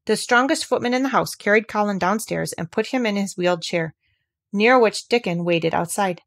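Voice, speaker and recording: A woman reading a classic novel aloud as narrator, with gentle, expressive storytelling. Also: medium pitch, normal speed, gravelly. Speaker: audiobook reader.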